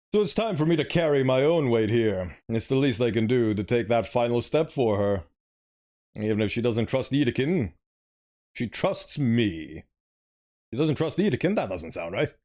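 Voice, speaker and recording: A man's voice: mid-range voice, a little mellow. A man streaming a story game, reading it aloud and chatting animatedly, sometimes fumbling for words.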